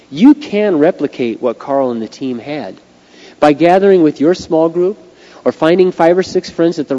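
A man's voice: fairly high pitch, warm tone. A middle-aged man preaching a sermon as a pastor, earnest and conversational. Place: church sanctuary. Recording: lo-fi recording with long hall reverb.

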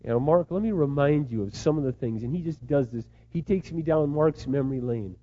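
A middle-aged man preaching a sermon, moving between hushed, tender asides and loud, impassioned pleas. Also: fairly high pitch, a little fast, lo-fi sound. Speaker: pastor.

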